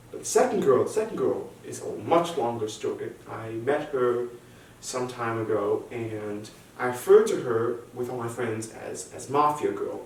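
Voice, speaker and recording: A young man tells a stand-up story, stumbling into nervous repetitions and restarts as he builds the bit. His voice sits in a roomy, echoing space, picked up from some distance with faint noise underneath. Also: mid-range voice. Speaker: stand-up comedian. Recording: echoey room, distant mic, faint noise.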